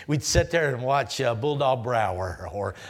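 A man in his sixties preaching an emphatic sermon in numbered points, sometimes dropping to a hushed aside. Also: medium pitch, expressive, a little slow. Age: 60s. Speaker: guest preacher.

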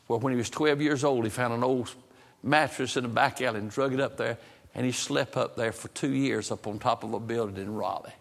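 A man's voice: medium pitch, creaky, fairly bright tone. A man preaching, telling a folksy story that rises into impassioned pleading. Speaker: pastor. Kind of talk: sermon storytelling. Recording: long reverb of a church hall.

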